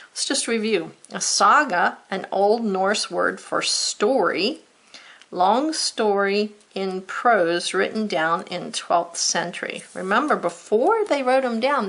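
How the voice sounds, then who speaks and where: A woman with a gravelly, creaky edge to her mid-pitched voice leads a home video lesson for children. She talks slowly and clearly while she writes, encouraging the kids at every step. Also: a bit bright. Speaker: homeschool teacher.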